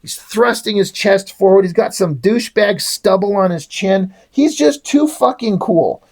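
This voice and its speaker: A man's voice: high voice, animated, unhurried, a little mellow. A man giving a casual, rambling comic book review in a sarcastic tone, swearing often.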